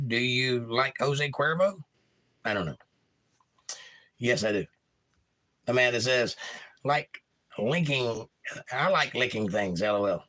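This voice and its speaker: A man's voice: mid-range voice, slow, long pauses, bright, forceful tone, low-quality recording. Jokey man reading chat on a livestream. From Florida. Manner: jokey, reads chat aloud with goofy voices. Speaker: livestream host. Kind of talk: casual chat reading viewer comments.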